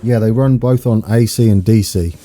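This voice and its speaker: A British man giving excitable, chatty live gameplay commentary, talking to his viewers as he plays. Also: on the low side, normal speed, soft background music. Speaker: game streamer.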